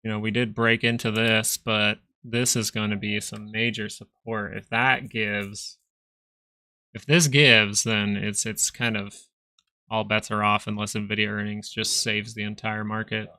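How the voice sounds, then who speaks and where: A man's voice: lowish voice, level tone, a little slow, pushed and bright, no echo. A young man hosting a live stock market stream, chatting casually and reading viewer comments aloud. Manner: chatty, rambling, reads chat aloud. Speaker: stock market livestream host.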